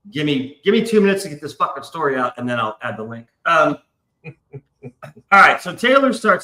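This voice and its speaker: A man's voice: on the high side, pushed and bright, echoey room, low-quality recording. A man hosting a casual live stream, telling a long rambling story and swearing freely. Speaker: stream host. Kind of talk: casual chat.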